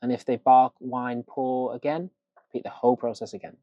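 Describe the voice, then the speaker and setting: A man's voice: medium pitch, steady tone, normal speed, warm tone, dry recording, highs cut off. A man working as a dog trainer, giving casual, emphatic training tips straight to the viewer. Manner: emphatic, casual, swears for effect. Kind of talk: direct-to-camera training tips.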